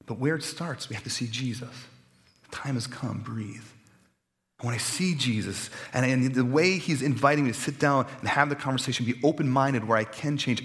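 A man in his thirties preaching a sermon in an earnest, conversational way that swells with feeling. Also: medium pitch. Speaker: pastor. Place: church sanctuary. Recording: long church reverb.

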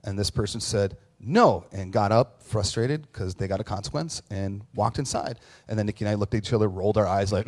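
At a church that also streams to an online audience, a male pastor delivers a conversational sermon, candid and self-deprecating, telling stories laced with fillers and restarts. His voice is darkish, medium-pitched, and moderately paced.

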